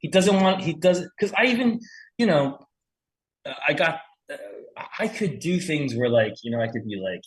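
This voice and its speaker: A man in his forties chats as a guest in a relaxed interview. He rambles through his answers, drops curse words and laughs easily, and his pitch jumps up and down a lot. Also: normal speed. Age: 40s. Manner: animated, rambling, swears freely, laughs often. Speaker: comic book writer, guest. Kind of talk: casual interview chat.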